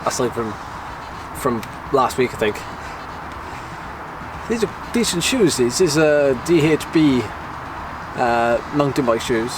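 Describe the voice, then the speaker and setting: A man chatting casually to camera, thinking aloud after a warm-up lap at a muddy outdoor course. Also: mid-range voice, expressive, slow, pauses often. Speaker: vlogger and amateur cyclocross racer. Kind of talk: casual vlog chat to camera. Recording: outdoor recording with clear background noise.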